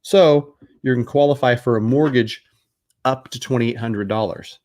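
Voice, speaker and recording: A man's voice: mid-range voice, unhurried, a little mellow. A man hosting a casual live Q&A as a mortgage broker, explaining loans in a conversational way with frequent fillers and restarts. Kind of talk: casual live Q&A answering viewer questions.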